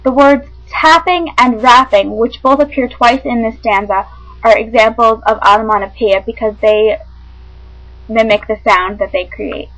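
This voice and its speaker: A woman reading a lesson on literary devices aloud, measured and clear, with small slips in her phrasing. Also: fairly high pitch, fairly bright tone, poor audio. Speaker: teacher.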